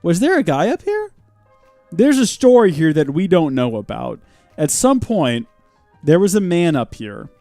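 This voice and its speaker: A young man streaming a game live, rambling and joking with his chat in a fairly high voice that swings up and down a lot. He breaks into mock shouts now and then. The mic is close and dry, with faint game music under him. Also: sing-song, unhurried, no room sound. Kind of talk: live gameplay commentary.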